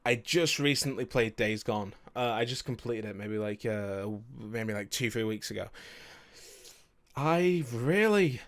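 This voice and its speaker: A man's voice: fairly low pitch, steady tone, normal speed, few pauses, a bit bright. A young man chatting casually about his favourite video games, rambling, correcting himself and swearing now and then. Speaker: video game streamer.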